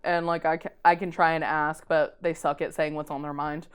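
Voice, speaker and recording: A woman's voice: deep voice, level tone, a little fast, smooth. A woman co-hosting a podcast, talking bluntly and swearing as she tells funny stories. Her tone stays loose and chatty, the way people talk among friends. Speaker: podcast co-host. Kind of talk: casual podcast banter.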